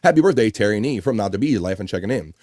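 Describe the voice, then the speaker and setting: A very fast-talking man with a lowish voice hosts a live stream show against a noisy background. He reads viewer comments casually, cracking jokes and laughing a lot.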